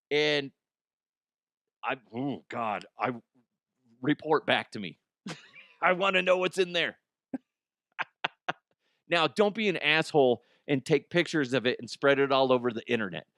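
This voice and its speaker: A man's voice: medium pitch, fairly bright tone, no echo, studio quality. Crude, laughing male podcast host. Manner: crude, irreverent, quick to laugh. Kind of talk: comedic podcast mailbag.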